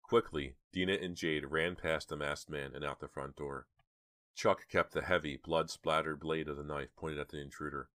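The narrator, a man with a remarkably deep voice, delivers a horror audiobook in a calm, measured way. The recording is close and dry, with no echo.

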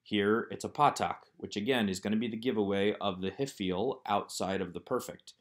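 This recorded Hebrew grammar lesson features a man with a fairly low voice talking at normal speed. He walks through the workbook exercises one after another, explaining as he goes.

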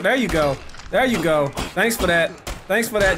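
A man's voice: sits high, expressive, moderate pace, background noise. A man doing let's play commentary, trash-talking the game with constant swearing. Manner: profane trash talk at the game. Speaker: gameplay commentator. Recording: game audio and music under voice.

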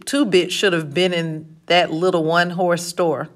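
A woman with a deep voice reads a first-person novel for an audiobook, keeping her delivery steady and lightly expressive. She speaks a little fast.

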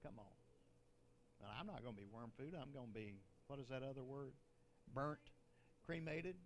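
A man's voice: medium pitch, moderate pace, slight background noise. Older man preaching a chatty sermon. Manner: conversational preaching with joking asides and laughs. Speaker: bishop preaching.

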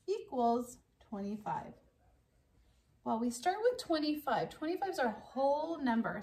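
Woman teacher, recorded kids' math lesson, slow, gentle, playful delivery. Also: high-pitched. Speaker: elementary school teacher.

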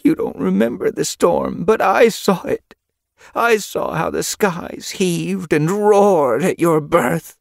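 A man's voice: high voice, takes it slowly, no echo, clean studio sound, pitched above the performer's own voice, exaggerated voice. A man voicing an old, spiteful she-cat spirit in an audiobook, sneering and snarling. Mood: croaking, fervent. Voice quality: sneering, snarling, later croaking. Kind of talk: audiobook character voice.

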